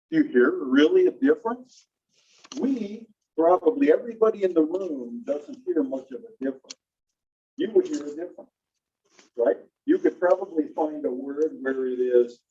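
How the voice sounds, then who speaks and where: A middle-aged man teaching a language class in a chatty, animated way, often asking the class questions. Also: fairly high pitch, slightly rough, highs cut off. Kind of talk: classroom lecture.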